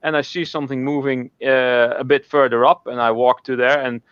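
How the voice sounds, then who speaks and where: A man's voice: mid-range voice, steady tone, fairly quick, clean tone, dry recording, muffled recording. A man telling a long, rambling joke in casual chat, with many halts and restarts. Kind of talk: casual storytelling.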